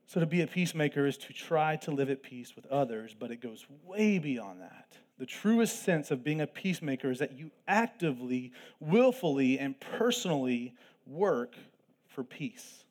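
Male pastor, fairly high voice, earnest sermon delivery with plain asides. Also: sing-song, a little mellow. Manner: earnest preaching with asides and quick self-deprecating jokes. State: throat tickle, coughing at times.

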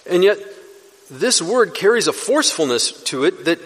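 A male pastor delivers a verse-by-verse sermon with a slightly higher-than-usual voice. He explains the text earnestly and pushes up on the words he wants to stress. His voice rings out with a long reverb in a church hall. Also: big pitch swings, normal speed. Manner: earnest teaching, rising for emphasis. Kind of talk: expository sermon.

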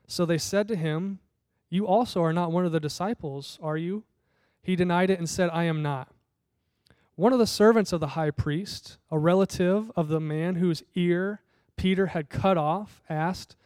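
Male pastor, high clear voice, casual storytelling sermon, dry close sound. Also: darkish tone, dry recording. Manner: conversational storytelling, voicing the people in the scripture.

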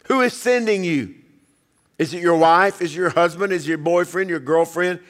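A man preaching a sermon as pastor, emphatic, acting out quoted voices and dropping low to quiet passages. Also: moderate pace, big-room sound.

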